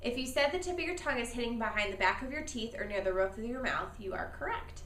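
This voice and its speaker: A woman teaching a beginner saxophone class in a bright, animated voice. She talks patiently and encouragingly, modeling each step and having students echo her. The sound is roomy and a little distant from the mic, with faint background noise. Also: a little high, quick pace. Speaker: music teacher.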